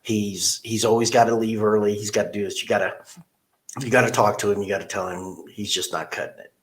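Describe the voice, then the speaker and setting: Middle-aged man, slightly low voice, dealership manager, animated storyteller in an interview. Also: brisk. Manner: animated storyteller who acts out quotes.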